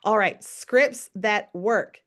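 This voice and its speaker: A woman's voice: mid-range voice, slow, fairly bright tone. A woman giving a casual, upbeat sales training on a call, coaching listeners and often asking rhetorical questions. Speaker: network marketing team trainer.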